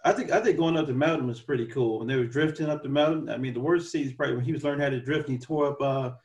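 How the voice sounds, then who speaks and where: A man co-hosting a casual podcast, talking movies in an animated way and laughing often. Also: mid-range voice, racing, recorded from a distance. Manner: animated, laughs often, quotes characters in put-on voices. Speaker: podcast co-host.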